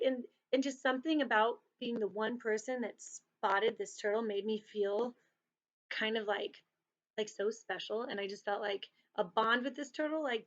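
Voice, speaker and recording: A woman casually telling a personal story to children before reading a picture book, chatty and animated, slipping into little voices for quotes. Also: a little high, moderate pace. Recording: dull lo-fi sound.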